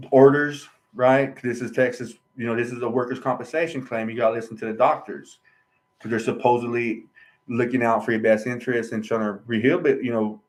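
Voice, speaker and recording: A man's voice: mid-range voice, low-quality recording. A man telling his own story in a casual vlog, rambling and earnest, often tagging lines with "right?" and "you know". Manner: earnest, aggrieved.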